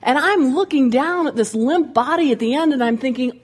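Husky, lively woman telling comic stories. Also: sits high, normal speed. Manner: lively, comic, acts out voices. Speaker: public speaker, former ski instructor. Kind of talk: humorous storytelling speech. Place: room with an audience.

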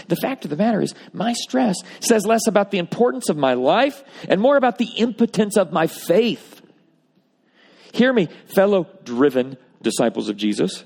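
A man's voice: high voice, sing-song, normal speed, creaky, a little mellow, breathy edge. A man preaching a sermon, emphatic with wry asides, reading scripture aloud. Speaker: pastor. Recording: long reverb of a large hall.

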